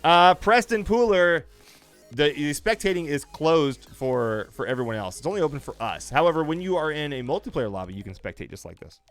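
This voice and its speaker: A man giving energetic live play-by-play of a simulated drone race and chatting with viewers. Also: fairly high pitch, fairly quick, faint music behind. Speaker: esports race commentator.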